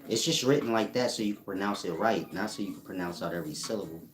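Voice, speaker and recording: Deep slow guy drawling a casual spiritual lesson, echoey room, faint music. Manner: slow, drawling delivery with street slang. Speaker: spiritual teacher. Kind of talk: casual spiritual teaching monologue. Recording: roomy echo.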